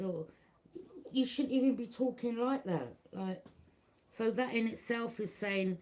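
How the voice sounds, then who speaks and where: A middle-aged woman who reads tarot delivers a casual monologue to her viewers, blunt and repetitive, repeatedly asking "do you understand". Her voice is on the high side with a darkish tone, at a moderate pace.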